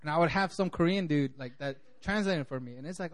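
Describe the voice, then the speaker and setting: Guy preaching in a loose chatty way, pretty high voice, acts out quotes. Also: brisk, few pauses. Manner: conversational, peppered with "you know". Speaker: pastor. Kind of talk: sermon.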